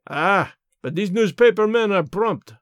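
A man voicing a blustering Russian schemer who exclaims slowly and loudly. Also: sits high, lively intonation, no echo, studio quality.

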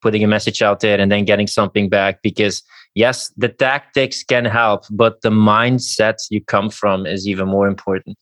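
A man's voice: lowish voice, steady tone, fairly bright tone, dry recording. Reflective man with a dry, close sound. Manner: reflective, measured questioning. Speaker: podcast host. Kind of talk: casual podcast conversation.

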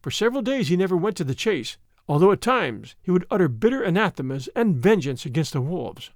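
Man reading a story aloud, high voice, lots of lilt, dry sound. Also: very animated, dry recording. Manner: measured, dramatic storytelling. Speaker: audiobook narrator. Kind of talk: scripted first-person narration.

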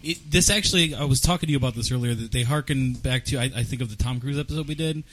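A man's voice: medium pitch, rapid-fire, a bit bright, a little hiss or hum. A man giving blunt, jokey takes as a co-host on a casual panel podcast.

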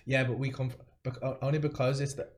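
A man's voice: mid-range voice, level tone, fast talker. A man with a Scouse accent hosting a podcast, laid-back and swearing casually. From Liverpool, England. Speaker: podcast host. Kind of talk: casual chat.

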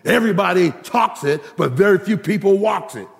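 A man preaching in a high, gravelly voice that swings from playful asides to shouted peaks. His words ring out with the long reverb of a big hall. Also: fairly quick. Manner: animated, humorous, rising to shouting crescendos. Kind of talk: sermon.

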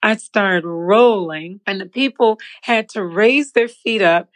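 A woman guest telling her faith testimony in an interview, expressive and laughing often as she acts out the scenes. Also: medium pitch, slow pace. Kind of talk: animated storytelling.

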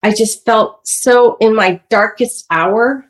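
A woman in her fifties, a guest author on a podcast, telling her story in an animated way with many fillers. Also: on the high side, slow pace. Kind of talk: podcast interview.

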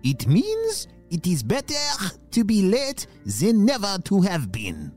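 A man's voice: high voice, wildly swooping pitch, slow pace, mellow, soft background music, pitched above the performer's own voice, exaggerated voice. A man voicing a kindly male cleaner shrimp, formal and gracious. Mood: gentle.

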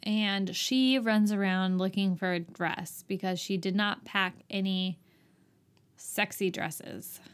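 A woman's voice: mid-range voice, steady tone, takes it slowly, smooth. A woman co-hosting a casual movie chat, sarcastic and exasperated. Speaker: podcast co-host reviewing a movie.

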